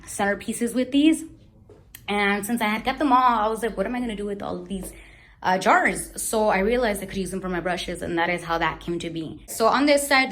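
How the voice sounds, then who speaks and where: Chatty young woman, slightly breathless. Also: medium pitch. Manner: chatty, rambling, searches for words aloud. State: a bit out of breath. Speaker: beauty vlogger. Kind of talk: casual room tour chat.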